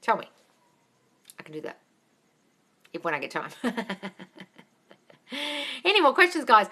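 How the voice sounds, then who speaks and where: A manifestation coach hosts a phone live-stream Q&A in a high-ish, very animated, pushed and bright voice, speaking at a measured pace with long pauses. She chats emphatically, laughs a lot, and calls her viewers darling.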